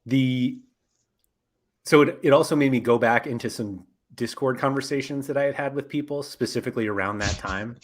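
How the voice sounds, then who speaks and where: A man's voice: mid-range voice, moderate pace. A man hosting a casual podcast, talking in a rambling way with lots of fillers and self-corrections. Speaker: podcast host.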